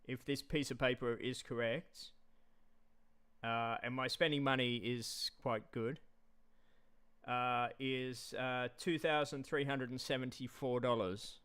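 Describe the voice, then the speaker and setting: A man's voice: mid-range voice, fairly even intonation, takes it slowly, fairly bright tone, clear, resonant tone. A man rambling casually on a live stream, repeating himself and talking straight to his chat.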